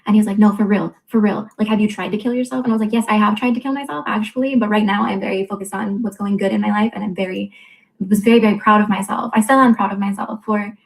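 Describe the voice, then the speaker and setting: A woman in her twenties telling a personal story in a candid vlog, blunt and full of profanity, quickly acting out what others said. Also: mid-range voice, little pitch movement, creaky, low-quality recording. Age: 20s. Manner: quotes others in quick reported dialogue. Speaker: vlogger.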